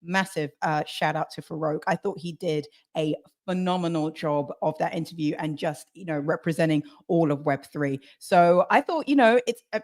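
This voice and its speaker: A woman co-hosting a podcast, talking in an energetic, chatty way with restarts and easy laughs. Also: deep voice, normal speed, few pauses. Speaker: podcast co-host. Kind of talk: casual crypto podcast chat.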